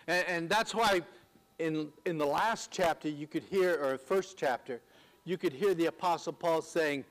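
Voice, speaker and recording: Earnest preacher man, slightly high voice. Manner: earnest, measured, slows on key words. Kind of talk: sermon.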